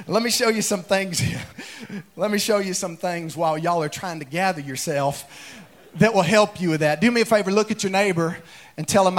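High-pitched folksy preacher. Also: male voice, moderate pace. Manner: folksy, animated, comic storytelling that bursts into shouts. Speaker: pastor. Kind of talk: humorous sermon storytelling. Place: church sanctuary with congregation.

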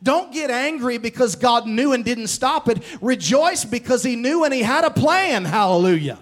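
High-voiced man preaching a sermon. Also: animated. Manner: preaching with call-and-response, building emphasis and slowing for key lines. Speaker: pastor. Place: church sanctuary.

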